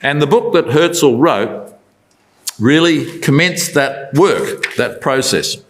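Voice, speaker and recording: A man's voice: fairly high pitch, lively intonation, slow. Man giving a conversational Bible talk. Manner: conversational, rhetorical questions. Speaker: Bible speaker.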